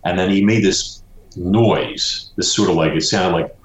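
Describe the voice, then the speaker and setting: A man with a notably deep, low voice tells a story with animated energy, often saying "you know." He is an author speaking as a guest in an interview. The room around him gives his voice a roomy echo. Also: a little slow.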